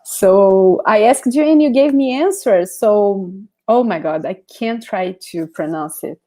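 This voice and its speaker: A woman's voice: medium pitch, measured pace, warm tone. A Brazilian woman whose first language is Portuguese, teaching a live online language lesson with a Brazilian Portuguese accent, repeating words patiently for practice and reading viewer comments aloud.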